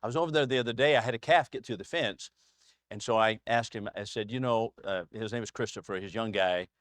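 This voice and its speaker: A man's voice: lowish voice, fast talker, fairly bright tone, clean tone, no room sound. A man teaching a casual Bible class to a small group in a church classroom, chatty and anecdotal, chuckling often.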